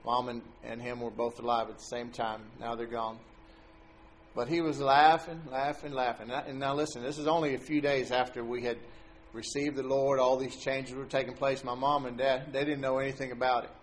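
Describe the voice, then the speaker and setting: Man, middle-aged, casual faith testimony, storytelling, laughs along, middle pitch. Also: brisk, a little hiss or hum. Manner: animated storyteller who laughs as he tells it. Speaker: guest telling a faith testimony.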